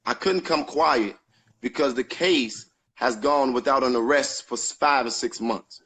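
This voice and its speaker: A man's voice: mid-range voice, measured pace, fairly bright tone. A man in a heated live argument, passionate and emotional, cutting in again and again. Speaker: activist.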